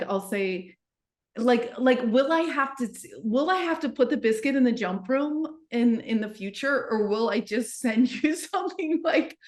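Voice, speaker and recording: A woman interviewing a guest, asking curious, enthusiastic questions in casual talk. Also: a little high. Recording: echoey room.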